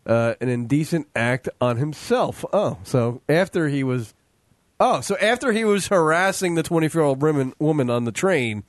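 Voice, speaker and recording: A man's voice: on the high side, animated, moderate pace, no echo, studio quality. Crude joking male podcast co-host. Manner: crude, joking, rambling storyteller. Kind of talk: casual crude podcast banter.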